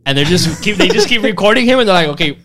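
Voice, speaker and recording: Fast-talking animated young man. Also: high-pitched, a little hiss or hum. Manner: animated storytelling, heavy slang. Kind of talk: casual podcast chat.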